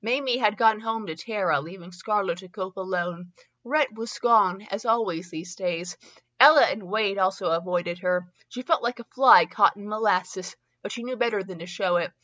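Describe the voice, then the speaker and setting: A woman hosts a reading show and narrates a story aloud in a bright, clear voice. She restarts words when she trips over them and breaks off into comic asides. The sound is a little dull and lo-fi. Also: mid-range voice, normal speed. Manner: stumbles and restarts on words, laughs at herself. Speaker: podcast host reading fanfiction aloud.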